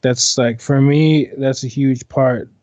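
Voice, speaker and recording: A man's voice: mid-range voice, fairly even intonation, takes it slowly, a little mellow, no echo. A man chatting casually on a podcast, talking in a laid-back, rambling way. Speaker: podcast guest and club dancer. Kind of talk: casual chat. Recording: dull, dry sound.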